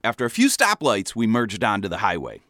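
A man reading his own comic memoir aloud in a wry, deadpan storytelling manner. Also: on the low side, a little fast, dry recording, studio quality.

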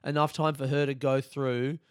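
A young man tells a comic story on his podcast, animated and swearing freely as he acts out the people in it. His voice sits at a middle pitch, and the recording is dry and close with no room sound. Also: moderate pace, clear, resonant tone, no echo. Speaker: podcast host. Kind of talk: comedic storytelling.

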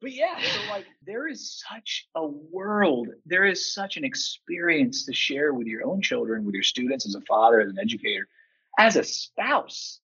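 Excitable guy in his thirties, kinda husky voice, muffled lo-fi sound, acts out quotes as he goes. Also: a little high, normal speed. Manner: animated, emphatic, acts out quotes. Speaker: podcast guest, teacher and father. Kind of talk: enthusiastic storytelling chat.

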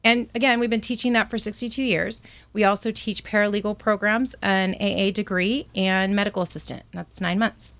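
Upbeat woman pitching a career. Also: steady tone, brisk, few pauses, a bit bright, no echo. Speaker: college representative. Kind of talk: promotional interview.

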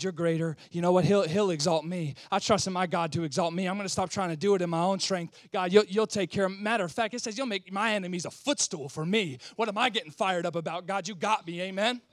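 A male pastor preaching a sermon, calling out to the congregation, swinging from loud outbursts to quiet, close talk. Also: high-pitched, no room sound. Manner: animated, swings between shouting and quiet; talks back and forth with the congregation.

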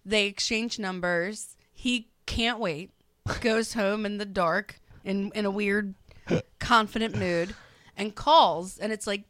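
A woman's voice: mid-range voice, slow pace. A woman co-hosting a podcast, chatting casually and acting out movie scenes as she tells them. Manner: animated storyteller, acts out movie lines. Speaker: podcast co-host. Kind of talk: casual chat.

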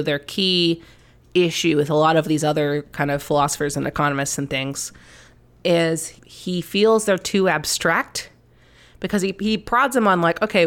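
A woman's voice: low voice, clear, resonant tone. A woman co-hosting a podcast, chatting casually about a film, swearing freely and laughing often. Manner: swearing, laughing, lively commentary. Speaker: podcast co-host.

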